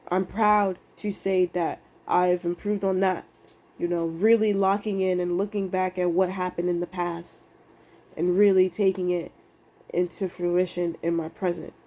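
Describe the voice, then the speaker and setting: A woman's voice: lowish voice, mellow. Emotional, rambling young woman trader. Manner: emotional, rambling, swears casually. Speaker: day trader vlogging. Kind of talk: candid emotional vlog monologue.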